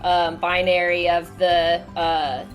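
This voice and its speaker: A woman's voice: lowish voice, flat delivery, slow pace, soft background music. A woman narrating as game master in a loose, giggly way, full of "like" fillers.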